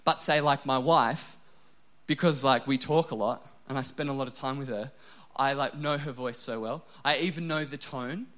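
A man's voice: medium pitch, moderate pace, fairly bright tone. A young adult man preaching a casual sermon, mixing self-mocking jokes and lots of "like" fillers into his message. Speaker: pastor.

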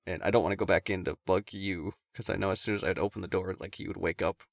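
A man's voice: low-pitched, fairly even intonation, quick pace, vocal fry, no room sound, clean studio sound. A man casually telling a long story to friends, swearing and laughing as he goes.

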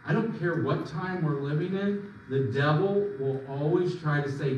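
A man preaching in a fairly high voice, pressing his points with sudden rises and drops. He is heard from a distance in a very echoey hall, with a faint hum of room ambience behind him. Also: moderate pace, muffled recording. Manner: emphatic preaching with sudden swings in pitch and volume. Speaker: pastor. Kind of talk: sermon.

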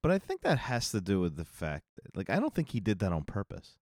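Deep-voiced man, laid-back podcast banter. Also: wildly swooping pitch, a little fast, darkish tone, dry recording, clean studio sound. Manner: laid-back, joking, short interjections. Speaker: podcast co-host. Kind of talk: casual movie discussion.

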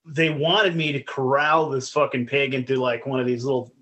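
A man, a podcast guest, telling stories in casual chat, profane and animated. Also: mid-range voice, normal speed.

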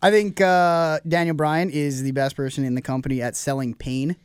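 A young man co-hosting a casual chat, full of quick joking banter. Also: a little high, flat delivery, clean tone, no echo. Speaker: podcast co-host.

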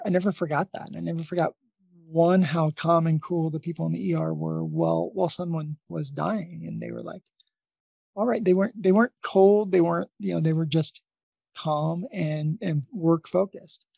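A man's voice: on the high side, steady tone, moderate pace, creaky, mellow, no room sound. A man who is a nurse and podcast host, telling a long story in a casual, rambling way with many restarts.

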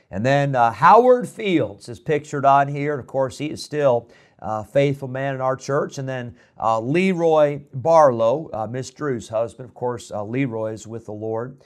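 Unhurried male pastor reminiscing. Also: medium pitch, a little mellow. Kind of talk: church announcement.

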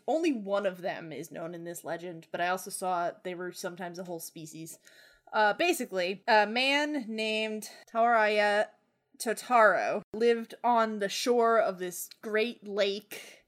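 A young woman casually retelling a legend on a podcast, rambling, swearing freely and giggling. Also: mid-range voice. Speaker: podcast co-host. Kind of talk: casual storytelling.

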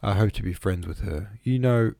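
A man voicing a gentle, sorrowful young noblewoman in an audiobook, reading her lines in a raised, pleading tone. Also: fairly low pitch, moderate pace, creaky, dry recording. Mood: earnest.

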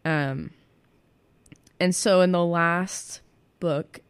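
A woman's voice: on the low side, fairly even intonation, very slow, clean tone, no echo. A young woman chatting casually about books, rambling with lots of fillers and giggles.

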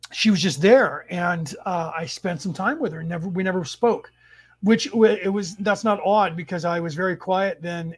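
A middle-aged man hosting a spiritual study class, telling a personal story in a casual, rambling way with many restarts and asides. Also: high-pitched.

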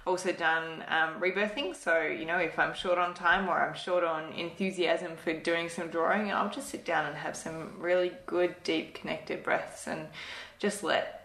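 Woman host, lowish pitch, sharp bright timbre, reflective rambling chat, roomy sound. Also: fairly even intonation, measured pace. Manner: thoughtful, rambling, laughs often. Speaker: chiropractor, podcast host. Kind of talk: casual chat. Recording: roomy echo.

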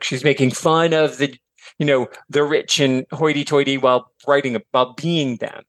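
A man's voice: fairly high pitch, fairly bright tone, no room sound. A man who is a guest on a podcast, an author and teacher, chatting casually and telling stories with lots of digressions and some casual swearing. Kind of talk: casual chat.

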